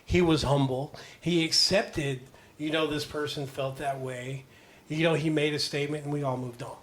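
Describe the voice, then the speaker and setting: A man's voice: on the high side, fairly even intonation, normal speed, echoey room, far from the mic, a little hiss or hum. A man co-hosting a podcast in casual chat, steering the conversation with questions. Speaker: podcast co-host.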